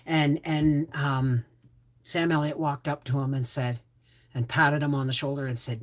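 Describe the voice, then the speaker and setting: A woman's voice: low-pitched, steady tone, unhurried. A woman hosting a casual livestream, rambling with frequent restarts and asides. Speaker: homestead channel host.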